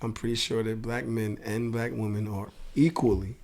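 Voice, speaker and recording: A man co-hosting a podcast, talking in casual banter with a hoarse, worn voice and animated storytelling. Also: on the low side, normal speed. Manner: animated storytelling, bursts into laughter and shouting. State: hoarse, losing his voice. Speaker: podcast co-host.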